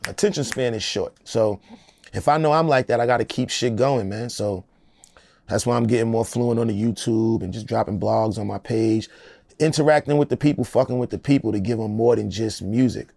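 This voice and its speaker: Gravelly streetwise rapper in his forties. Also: lowish voice, a little fast, darkish tone, no echo. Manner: streetwise, profane, keeps saying "you know what I'm saying". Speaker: rapper being interviewed. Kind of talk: casual interview talk.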